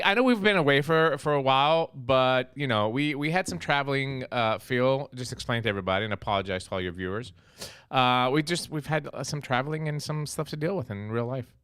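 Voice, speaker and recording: Animated Greek-accented man co-hosting. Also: mid-range voice, smooth, no echo, clean studio sound. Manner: animated, jokey, fussing over the audio. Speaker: co-host. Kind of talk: casual live-stream chat.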